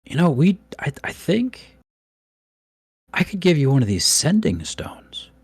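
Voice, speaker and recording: A man's voice: fairly high pitch, wildly swooping pitch, unhurried, husky, dry recording, voice pushed up, heavily acted. A man voicing a nervous female dwarf commoner who stammers and hesitates in a tabletop game. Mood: nervous, stammering.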